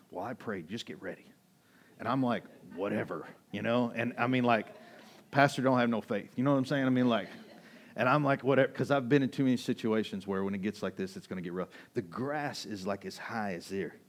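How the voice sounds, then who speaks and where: A pastor delivering a sermon as an animated, emphatic storyteller, a man whose voice swings between hushed and loud. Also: mid-range voice, husky.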